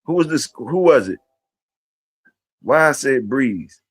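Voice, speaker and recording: A man hosts a live stream in a loose, rambling, profane chat, tossing questions at his viewers. His voice sits at an ordinary middle pitch. The sound is close and dry. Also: expressive, slow pace, breathy edge, no echo.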